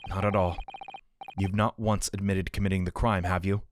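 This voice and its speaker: A man voicing a sincere young male law student in a game, speaking slowly and solemnly. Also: low-pitched, flat delivery, noisy background, voice pushed down, close to an everyday voice. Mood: earnest.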